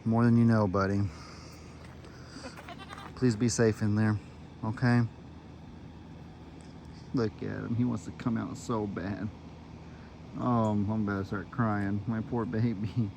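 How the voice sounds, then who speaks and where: A man speaks softly and tenderly to his young goat as he says good night. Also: on the low side, little pitch movement, takes it slowly, creaky, long pauses, noisy background. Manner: soft, tender baby talk to an animal. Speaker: farm vlogger. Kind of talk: casual vlog.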